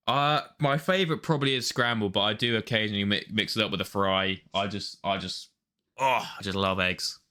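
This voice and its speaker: A man's voice: lowish voice, steady tone, fairly quick, hardly any pauses, pushed and bright. A young man co-hosting a casual podcast, chatty and enthusiastic, laughing easily. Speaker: podcast co-host. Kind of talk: casual chat.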